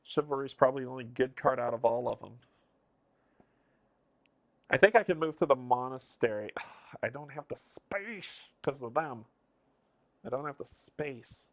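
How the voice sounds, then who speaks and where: Guy on a live stream muttering through his board game turn, counting stuff out loud. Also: medium pitch, expressive, normal speed, pauses often. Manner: muses and counts moves under his breath. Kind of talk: casual live-stream thinking aloud.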